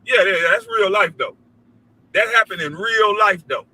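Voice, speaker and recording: High-voiced man ranting hard. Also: normal speed, no room sound, rough recording. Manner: profane, loud and preachy, mimics others in high voices. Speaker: show host. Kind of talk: heated commentary rant.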